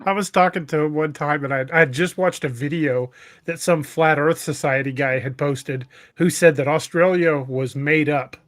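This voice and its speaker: Storyteller co-host: bright, forceful man, a notch higher, animated. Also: moderate pace, no room sound, studio quality. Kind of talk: casual group chat.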